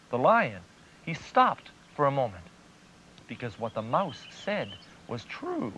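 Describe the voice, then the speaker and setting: A man hosting a children's TV show, telling a story to children in a gentle, animated storyteller's way. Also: mid-range voice, unhurried, slight background noise. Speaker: children's TV host. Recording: dull lo-fi 1990s TV recording.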